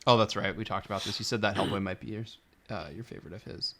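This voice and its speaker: A man's voice: lowish voice, steady tone, quick pace, fairly bright tone, a little hiss or hum. A man co-hosting a podcast, chatting enthusiastically with frequent restarts. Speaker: podcast co-host. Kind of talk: casual chat.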